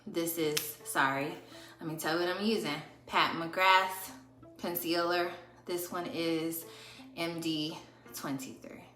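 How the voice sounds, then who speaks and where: A woman's voice: lowish voice, fairly even intonation, slow, bright, forceful tone. A woman in her thirties with a lilt, chatting casually to viewers as she does her makeup. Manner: chatty, talks while doing makeup. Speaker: beauty vlogger. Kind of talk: casual get-ready-with-me chat. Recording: roomy echo with music behind.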